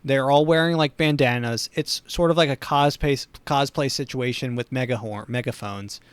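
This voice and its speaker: A man hosting a comedy podcast, delivering a rambling, sardonic monologue full of dark humor. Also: mid-range voice, normal speed, clean tone, dry recording. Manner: sardonic, rambling, dark humor, chuckles at his own jokes. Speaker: podcast host.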